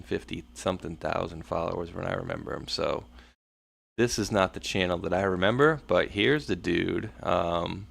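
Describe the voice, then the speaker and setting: Gravelly deep-voiced male livestream host. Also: a bit bright. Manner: chatty, storytelling, acts out quotes. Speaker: show host. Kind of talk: casual livestream chat.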